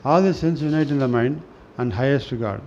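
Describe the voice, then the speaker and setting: A man reading spiritual scripture aloud in a slow, halting way, often restarting words and clearing his throat. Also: medium pitch, darkish tone. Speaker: reader of a spiritual newsletter. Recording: dull lo-fi recording with faint noise.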